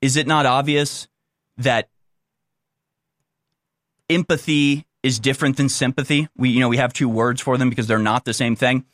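A man's voice: medium pitch, fairly even intonation, moderate pace, pauses often, a bit bright, no echo, clean studio sound. A man giving blunt, combative opinion commentary on a clip he is playing, insulting those he disagrees with.

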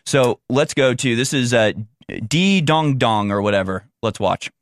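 Animated man commenting, dry sound. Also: mid-range voice, measured pace, dry recording. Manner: animated, rambling, incredulous. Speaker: political commentator. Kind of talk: casual commentary over video clips.

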